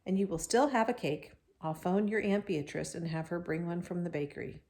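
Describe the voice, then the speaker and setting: A woman voicing a tired, patient mother who speaks calmly and firmly. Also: lowish voice, brisk, close to an everyday voice. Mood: soothing. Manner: calm, firm, tired.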